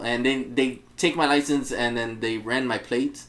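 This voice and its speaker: Brief: mid-pitched guy co-hosting a podcast, casual storyteller who swears and laughs. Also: fairly even intonation, moderate pace, fairly bright tone. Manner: laughs through his stories, swears, acts out both sides of a dialogue. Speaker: podcast co-host. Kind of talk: casual chat, telling a personal anecdote.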